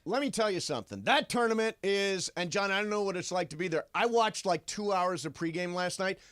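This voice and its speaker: A man's voice: high voice, a bit bright, no room sound, clean studio sound. A male co-host on sports talk radio, eager and enthusiastic, chiming in often. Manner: eager, quick agreement, enthusiastic.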